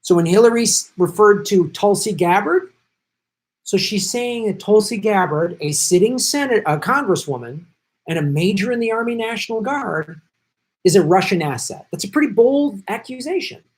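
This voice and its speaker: Male commentary host, lively up-and-down delivery, indignant and sarcastic rant. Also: sits high, moderate pace, poor audio. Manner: indignant, sarcastic, talks with emphatic repetition.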